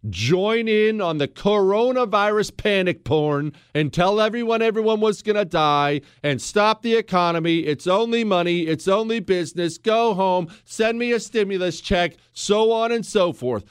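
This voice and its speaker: A man's voice: high-pitched, normal speed, few pauses, clear, resonant tone, no room sound, studio quality. A man hosting a political commentary show, delivering a sarcastic, combative monologue straight at the listener. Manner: mocks others with put-on quoting voices. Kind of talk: ranting monologue.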